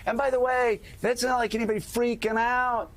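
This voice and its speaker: A man's voice: extremely high pitch, flat delivery, fairly quick. A middle-aged man hosting a morning talk show, delivering indignant, emphatic opinion commentary.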